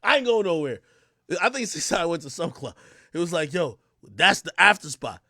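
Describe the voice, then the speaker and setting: Loud, animated male streamer. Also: fairly high pitch, moderate pace, dry recording, clean studio sound. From Jamaica. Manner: loud, excitable, acts out quoted voices with big swings. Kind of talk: animated storytelling on a livestream.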